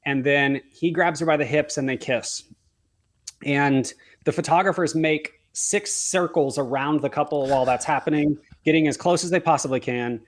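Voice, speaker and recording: A man, a wedding photographer and podcast guest, telling a story in an earnest way, often restarting and correcting himself and acting out remembered dialogue. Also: fairly high pitch. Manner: acts out remembered dialogue as he talks.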